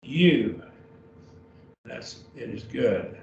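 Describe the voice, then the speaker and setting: A man leads beginners through Greek on a video call, going slowly and saying every word again with patience. His gravelly, slightly mellow voice has a medium pitch and a sing-song lilt, and the audio is dull, distant and roomy with a faint hiss.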